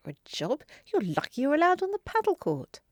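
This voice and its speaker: A woman's voice: sits high, dry recording, clean studio sound. A woman in her forties, co-hosting a podcast with wry, sardonic banter. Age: 40s. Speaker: podcast co-host. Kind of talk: casual chat.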